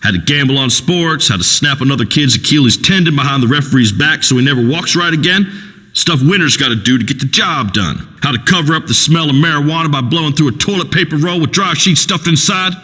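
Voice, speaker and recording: A man's voice: fairly high pitch, fairly quick, sharp tone, breathy edge, long reverb tail, low-quality recording. An actor playing a crude, macho rural male talk-radio host in a comedy game radio show, drawling and preachy.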